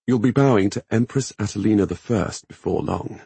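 A man's voice: lowish voice, brisk, vocal fry, warm tone, husky, dry recording, pitched above the performer's own voice, heavily acted. A man reading the part of a weary, commanding woman leader in an audiobook, cool, clipped and dry.

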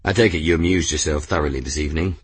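A man reading a formal, measured ship captain. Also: a bass voice, slightly rough, no echo, pitched below the performer's own voice. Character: stern, composed adult male airship captain. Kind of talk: audiobook character reading.

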